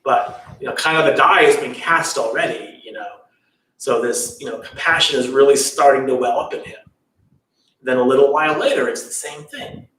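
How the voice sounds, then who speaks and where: A man's voice: medium pitch, moderate pace, sharp tone, far from the mic, slight background noise. A man telling a spiritual story in a loose, chatty way, in a temple hall.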